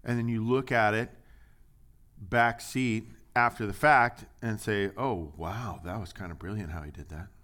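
A middle-aged male pastor preaching a conversational sermon, dropping to hushed asides and rising to loud, emphatic readings. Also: lowish voice, a little slow.

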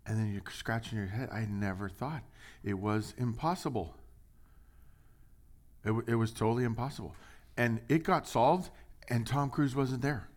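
A middle-aged male pastor preaching a conversational sermon, dropping to hushed asides and rising to loud, emphatic readings. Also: medium pitch, normal speed, long pauses.

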